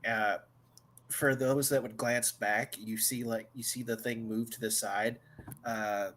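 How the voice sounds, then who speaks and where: A man narrating a tabletop game as game master, slow and halting with many fillers. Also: mid-range voice, little pitch movement, fairly bright tone, slight background noise.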